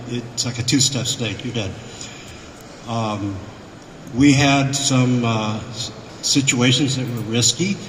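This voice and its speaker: A man's voice: medium pitch, a little hiss or hum. Man telling stories in an echoey hall. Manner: animated anecdotes, acts out voices in quotes. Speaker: convention panel guest. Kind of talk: storytelling to a live audience. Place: convention hall. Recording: echoey hall, miked from afar.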